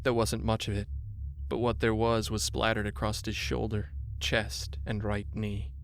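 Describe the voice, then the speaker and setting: Low-voiced man narrating a horror story. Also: flat delivery, measured pace, gravelly, a little hiss or hum.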